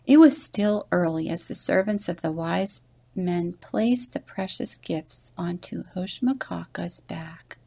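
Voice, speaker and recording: Slow, gravelly woman reading a story. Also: on the low side. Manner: gentle read-aloud narration with whispered passages. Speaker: deacon.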